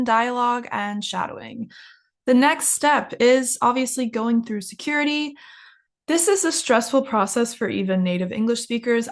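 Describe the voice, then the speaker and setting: A woman teaching English in a casual lesson, chatty, with frequent "like" fillers and laughing at herself. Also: on the high side.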